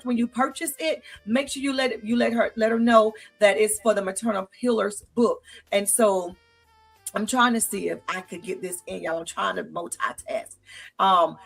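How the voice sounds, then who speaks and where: Gravelly-voiced talk show host woman. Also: mid-range voice, fairly bright tone. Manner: chatty, affirming, addresses viewers as y'all. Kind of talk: casual live-stream hosting.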